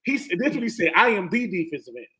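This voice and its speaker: High-voiced animated former football player. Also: male voice, rapid-fire. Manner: animated storyteller who acts out quoted voices. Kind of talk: casual sports talk.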